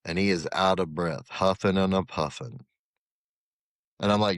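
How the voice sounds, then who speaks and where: A middle-aged man with a drawl tells a long story as a podcast guest, his voice sitting on the low side. He slips into the voices of the people he quotes and keeps the telling lively. The sound is close and dry, with no room around it. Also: a little slow, pauses often, dry recording. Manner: animated, acts out quoted dialogue. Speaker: podcast guest, former corrections captain. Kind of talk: casual storytelling.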